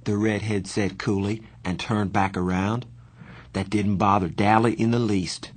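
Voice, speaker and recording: A man narrating a novel in the first person, earnest and measured. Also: fairly low pitch, steady tone, husky. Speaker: audiobook narrator.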